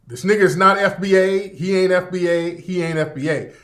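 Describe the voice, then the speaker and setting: A man with a notably high voice for a man rants casually on a livestream. He is emphatic and profane, hammering the same points again and again. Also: steady tone, fairly quick, a bit bright. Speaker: livestream commentator.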